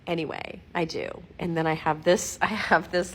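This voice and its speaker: A middle-aged woman at home giving a casual, rambling video update, giggling at herself, digressing often and clearing her throat. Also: sits low, steady tone, moderate pace, few pauses, a little hiss or hum. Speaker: vlogger updating followers. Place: at home, lying against her dog.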